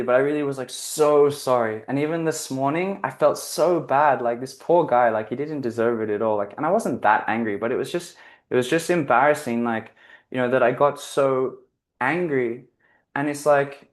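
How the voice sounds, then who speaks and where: A man giving a casual, reflective spiritual talk, telling a personal story in an earnest, rambling way, often restarting his sentences and leaning on "like". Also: mid-range voice. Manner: earnest, rambling, self-correcting, heavy use of "like". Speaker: guest speaker on spiritual living.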